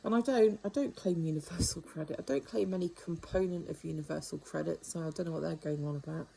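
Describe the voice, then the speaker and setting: A woman's voice: sits low, fast, gravelly, dark tone, slightly rough, poor audio. An older woman, talking to camera in a chatty, wry monologue full of rambling asides. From United Kingdom. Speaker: vlogger. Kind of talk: casual monologue.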